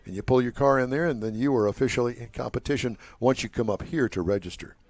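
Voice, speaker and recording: A man's voice: medium pitch, fast, darkish tone, no echo. Older man, show host, chatty, joking, rambling, dry close-miked sound. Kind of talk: casual live show chat. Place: outdoor waterfront car show.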